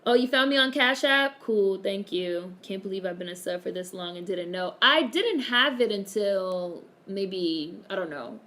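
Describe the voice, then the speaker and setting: A woman's voice: medium pitch, lively intonation, unhurried, hardly any pauses, sharp tone. Chatty woman streamer reading chat. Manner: chatty, swears freely, laughs often. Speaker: live streamer. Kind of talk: casual live-stream chat, reading viewer comments.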